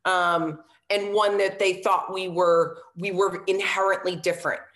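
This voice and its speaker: A woman's voice: on the low side, unhurried. A woman, a former football coach, telling a story as an interview guest in a casual way, often saying "um" and "right?" and acting out what others said. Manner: earnest, with frequent "um" and tag questions like "right?"; acts out quoted dialogue in lively voices.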